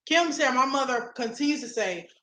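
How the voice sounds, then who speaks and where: A woman co-hosting a casual talk show, sassy and playful with drawn-out emphasis. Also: high-pitched, expressive, bright, forceful tone. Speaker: co-host. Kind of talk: casual chat.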